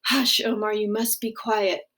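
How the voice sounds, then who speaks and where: A woman reading the part of a very old neighbor who hushes and shelters two children. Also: mid-range voice, fairly even intonation, measured pace, close to an everyday voice. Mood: hushed urgent.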